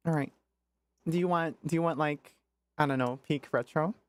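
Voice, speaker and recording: A woman's voice: low-pitched, normal speed, no room sound. A woman streamer chatting casually and playfully, often laughing at herself. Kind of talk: casual livestream chat.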